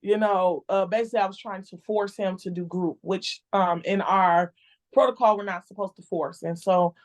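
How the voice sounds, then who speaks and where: A woman guest on a podcast, telling a personal story in a candid, expressive, casual way. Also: medium pitch, moderate pace.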